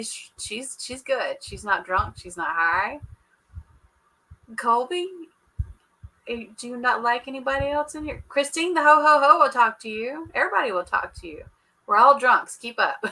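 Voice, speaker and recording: Sassy high bright-voiced woman. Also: animated, normal speed, poor audio. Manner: sassy, joking, laughs often, talks to chat. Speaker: livestream host recapping a reality show. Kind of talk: casual live chat with viewers.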